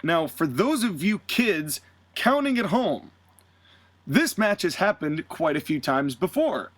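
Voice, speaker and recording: A man co-hosting a podcast, recounting a booked wrestling show in casual, animated storytelling and dropping into quick voices for the people he quotes. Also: sits high. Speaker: podcast co-host.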